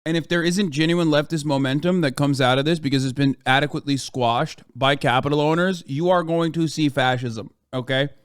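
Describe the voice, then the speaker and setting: A man's voice: a little high, steady tone, fairly quick, hardly any pauses, smooth, dry recording, clean studio sound. An American man streaming a reaction to the news, ranting in an exasperated, profane way. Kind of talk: livestream reaction commentary.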